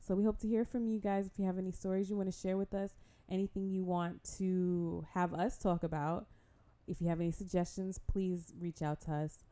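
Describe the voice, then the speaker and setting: Chatty woman podcast co-host, lowish voice. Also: little pitch movement, a little fast, mellow. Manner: laughs often, chatty and encouraging. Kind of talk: casual podcast chat.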